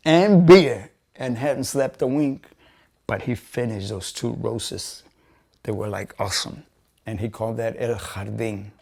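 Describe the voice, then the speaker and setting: A man, a bass player, telling personal stories in a documentary interview, candid and profane, dropping Spanish phrases. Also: vocal fry, darkish tone.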